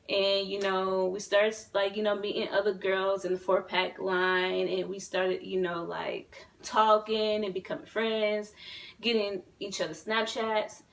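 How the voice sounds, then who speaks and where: A young woman in her twenties rambles through a story for her vlog, excitable and full of fillers and casual swearing. Her mid-pitched voice has a gravelly edge, and she sounds a little distant from the mic. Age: 20s. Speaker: vlogger.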